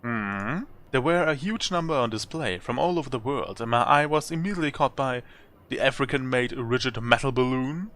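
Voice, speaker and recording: A man's voice: medium pitch, moderate pace, a bit bright. A man hosting a let's play, reading a text adventure aloud with chatty asides and chuckles.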